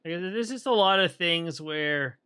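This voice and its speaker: Slow, bright-voiced man streaming a game. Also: a little high, lively intonation. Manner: rambling, thinking aloud, frequent throat clearing. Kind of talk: casual gameplay commentary.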